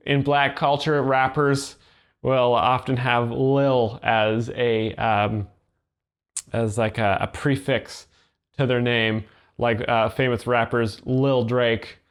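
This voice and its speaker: A man's voice: mid-range voice, level tone, clean tone. Hesitant man explaining jokes earnestly. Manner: hesitant, halting, lots of fillers. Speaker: joke explainer. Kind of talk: mock-earnest commentary.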